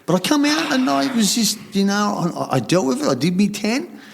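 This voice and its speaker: A man's voice: high-pitched, very animated, normal speed, gravelly, slight background noise. A middle-aged Australian man telling his story in casual conversation, blunt and swearing freely. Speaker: podcast guest.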